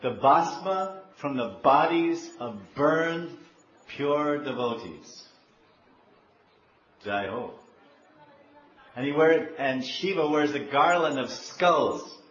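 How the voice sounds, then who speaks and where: A man preaching a devotional sermon, telling stories in an animated way, repeating himself and questioning the audience. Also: on the high side, slow pace, long pauses. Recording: dull echoey room, faint hiss.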